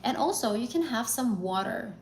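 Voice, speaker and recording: A woman's voice: on the high side, animated, moderate pace, echoey room, slight background noise, low-quality recording. A woman teaching an exam prep lesson on a live stream, talking casually and encouragingly with fillers and self-corrections. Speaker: IELTS teacher.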